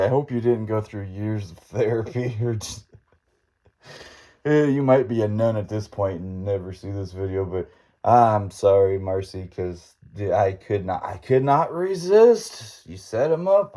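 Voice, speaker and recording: A man's voice: fairly low pitch, mellow. Laid-back man spinning a folksy yarn. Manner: rambling, laid-back, chuckling storyteller with folksy grammar. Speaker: podcast host. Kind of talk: casual storytelling monologue.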